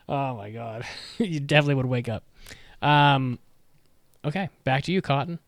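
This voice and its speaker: A man with a slightly high voice, joking and teasing as a podcast co-host. His voice sounds dry and close, with no room around it. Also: moderate pace, no room sound. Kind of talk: casual podcast chat.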